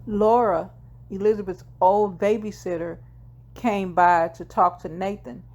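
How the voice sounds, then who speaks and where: A woman with a voice of ordinary middle pitch recaps a TV episode in a loose, chatty way. She walks through scene after scene, passing on the characters' lines in her own plain voice. Now and then she drops a filler or corrects herself as she goes. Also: fairly even intonation, measured pace, a little mellow. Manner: retells scenes step by step, quoting dialogue in plain voice; occasional fillers and self-corrections. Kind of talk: casual plot recap.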